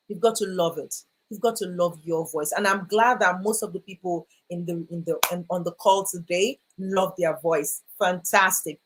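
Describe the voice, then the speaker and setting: A woman's voice: lowish voice, breathy edge. A woman speaking at a live online workshop, encouraging and repetitive, reading viewers' comments aloud. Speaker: voice coach speaker.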